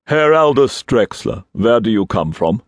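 A man's voice: medium pitch, very animated, a little slow, no room sound, voice pushed up. A male narrator voicing a stern, sneering army colonel who interrogates curtly. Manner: curt, interrogating.

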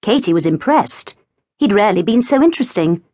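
A woman narrating a novel in an expressive, storytelling manner in a studio. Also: mid-range voice, a little fast, no room sound. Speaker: audiobook narrator. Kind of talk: scripted audiobook narration. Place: recording studio. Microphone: close studio mic.

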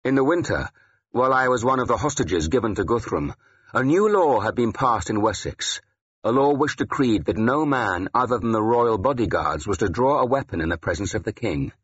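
A man narrating a historical novel in first person, with dramatic, expressive delivery. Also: mid-range voice, normal speed, slightly rough, dry recording, lo-fi sound. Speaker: audiobook narrator.

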